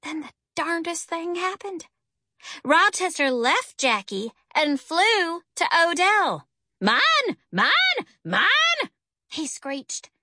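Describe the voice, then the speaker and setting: An audiobook narrator, a woman with a high, bright voice, reads a first-person story with lively, expressive storytelling. The recording is close and dry, with no echo.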